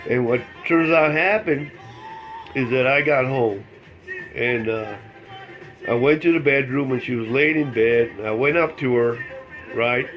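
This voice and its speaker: A man's voice: medium pitch, a little slow, long pauses, soft background music. Older male vlogger, casual rambling storyteller, salty language, dull lo-fi audio. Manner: rambling, repeats phrases, casual cursing. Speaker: vlogger telling life stories.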